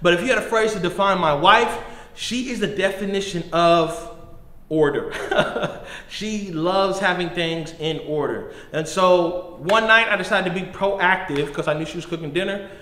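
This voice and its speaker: A man in his thirties, a middle school pastor, giving a casual youth sermon in slangy, animated storytelling style. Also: high-pitched, normal speed. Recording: echoey room with long reverb.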